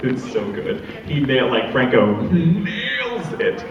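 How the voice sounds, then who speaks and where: A man's voice: medium pitch, huge pitch swings, takes it slowly, creaky. A man who is a voice actor, joking and swearing freely as he answers fan questions at a convention panel. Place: large convention hall with audience. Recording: echoey hall, distant, dull, crowd noise.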